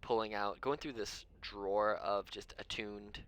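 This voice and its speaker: Bright low-voiced man narrating a tabletop game. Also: fairly even intonation, unhurried. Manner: rambling, lots of ums, chuckles often. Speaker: game master.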